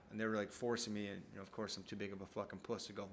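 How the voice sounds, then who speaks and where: A man's voice: on the low side, quick pace, few pauses, fairly bright tone. A man at home telling a rambling, profane story in a casual monologue. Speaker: vlogger. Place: at home, downstairs.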